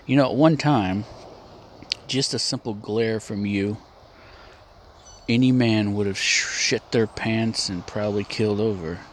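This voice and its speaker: A man's voice: lowish voice, unhurried, long pauses, a little hiss or hum, lightly acted. A man voicing a sly, road-worn gunman. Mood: wry. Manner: wry and needling.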